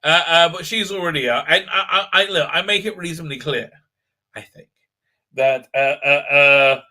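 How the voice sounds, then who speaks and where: High bright animated man. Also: moderate pace. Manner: animated storytelling, many fillers and repeats. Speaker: livestream host. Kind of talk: rambling live-stream chat.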